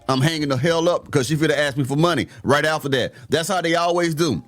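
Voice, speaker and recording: A man's voice: on the high side, fast, few pauses. Blunt, slangy man ranting over faint music. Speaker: host reacting to clips. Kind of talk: opinionated commentary rant.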